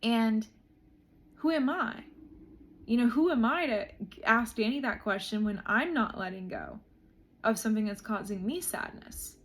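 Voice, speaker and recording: A woman's voice: a little high, measured pace, a bit bright. A young woman vlogger talking casually and emotionally, with many likes and you-knows. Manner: emotional, heartfelt, says "like" a lot. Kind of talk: reflective casual chat.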